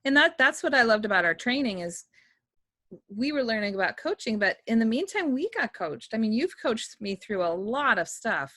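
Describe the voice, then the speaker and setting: A woman's voice: fairly high pitch, sing-song, moderate pace, a bit bright, dry recording, studio quality. A woman hosting a casual chat, upbeat and encouraging. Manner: upbeat, encouraging, enthusiastic affirmations. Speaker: host health coach. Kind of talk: casual video call chat.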